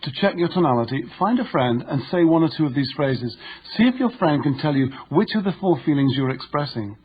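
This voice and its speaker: A man narrating a nonfiction audiobook in a measured, instructive way. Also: on the high side, lively intonation, slightly rough, muffled recording.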